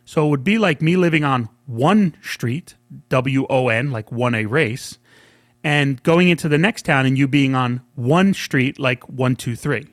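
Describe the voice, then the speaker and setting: A man's voice: mid-range voice, unhurried, dry recording, studio quality. A man from New York telling a story in casual chat. He acts out the people he quotes and laughs often. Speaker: podcast co-host.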